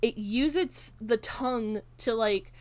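Casting note: young woman, slightly high voice, dry close sound, loose chatty recapper who swears a lot. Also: takes it slowly, dry recording. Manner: rambling recap, heavy filler words and swearing. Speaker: podcast co-host. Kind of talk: casual movie-discussion chat.

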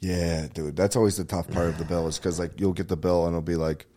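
A man's voice: low-pitched, level tone, a little fast, warm tone. A man hosting a podcast, teasing his guest in joking, casual banter. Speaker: podcast host. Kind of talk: casual chat.

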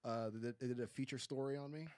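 A man co-hosting a podcast, telling a story in casual, animated chat full of fillers. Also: mid-range voice, fast, no echo. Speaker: podcast co-host.

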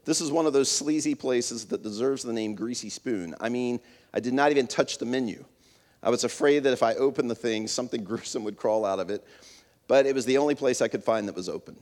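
A man's voice: mid-range voice, brisk, a little mellow, in a large hall. A man reading a story aloud to an audience, telling it in an earnest storytelling manner. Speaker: speaker.

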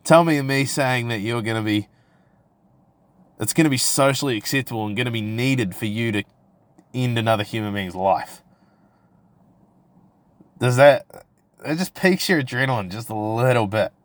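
A brash young New Zealand man rants on his own podcast, swearing freely and goading his listeners. His voice sits at a middling pitch and sounds close and dry, with no room around it. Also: moderate pace, long pauses, no room sound. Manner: crude, profane and provocative, full of restarts. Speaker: podcast host. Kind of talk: casual solo podcast rant.

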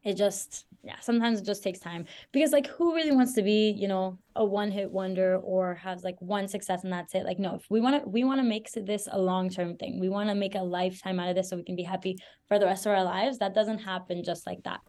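A woman's voice: mid-range voice, fast, few pauses, warm tone. A young woman singer from Venezuela, a podcast guest giving advice in an earnest, reflective, rambling way with lots of "like". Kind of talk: casual interview chat.

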